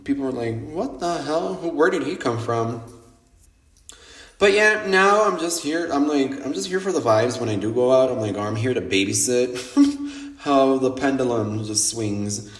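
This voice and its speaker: Middle-aged American man, casual, animated storyteller, self-mocking, recorded in an echoey room. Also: medium pitch. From United States. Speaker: podcast host. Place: home in Mexico.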